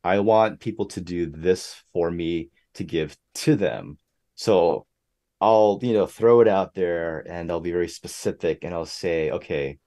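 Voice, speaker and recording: A young man talking as a podcast guest in a casual, animated way. He jumps up in pitch whenever he quotes other people. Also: a little slow. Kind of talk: casual interview chat.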